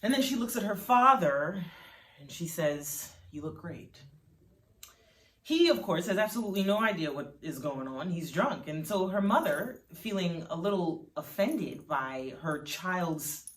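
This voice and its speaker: Woman storyteller, low voice, casual unhurried narration, echoey room. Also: lively intonation. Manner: conversational, unhurried, with fillers like "you know". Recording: roomy sound from a distant mic.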